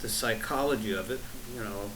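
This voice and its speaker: A man's voice: lowish voice, brisk, fairly bright tone, a little hiss or hum, poor audio. A man co-hosting a podcast, speaking in a reflective, casual way and laughing easily. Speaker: podcast co-host.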